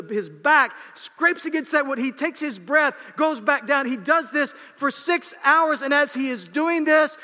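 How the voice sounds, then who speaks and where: A man preaching a sermon, swinging between raised, shouted passages and quiet, low asides. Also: big-room sound. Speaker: pastor.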